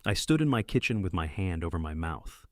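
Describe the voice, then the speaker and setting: A man narrating a first-person story in a measured, plain way. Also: sits low, very animated, dry recording, clean studio sound.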